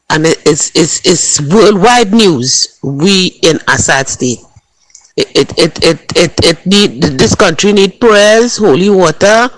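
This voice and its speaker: A man with a Trinidadian accent calling in, speaking haltingly with stammered restarts and a wry tone. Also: high voice, fairly bright tone, low-quality recording. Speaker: caller. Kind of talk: phone-in commentary.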